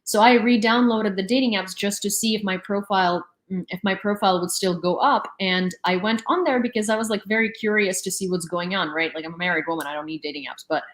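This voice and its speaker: A woman's voice: medium pitch, fast talker, hardly any pauses. Young lady rambling on stream, exasperated, lots of likes and you knows, echoey room. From Ukraine (Lviv). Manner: rambling, exasperated, many fillers. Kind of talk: casual chat.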